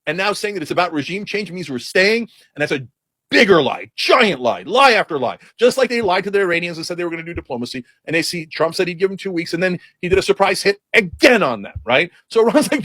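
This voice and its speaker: A man's voice: high-pitched, big pitch swings, fast, fairly bright tone, no room sound. A man giving a heated, sarcastic, blunt political commentary rant.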